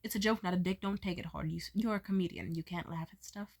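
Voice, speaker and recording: A drunk woman vlogging a profane, joking story in a casual, animated way. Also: on the low side, fast talker. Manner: animated, profane, jokey, slurs words while tipsy.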